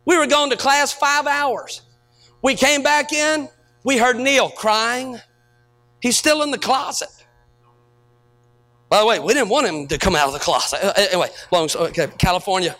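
A middle-aged man preaching as a pastor, telling stories to his congregation and rising to shouted peaks. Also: extremely high pitch, expressive, unhurried, long pauses. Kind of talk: sermon.

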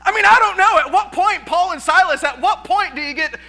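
Male pastor, animated sermon, very high pitch, stammering repeats, church. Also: a little fast, gravelly. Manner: animated, repeats words, laughs often.

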